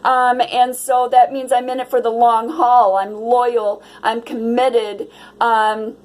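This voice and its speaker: A woman's voice: on the high side, level tone, takes it slowly, a little mellow, rough recording. A woman giving a casual tarot reading to her viewers, dreamy and exclamatory. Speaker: tarot reader.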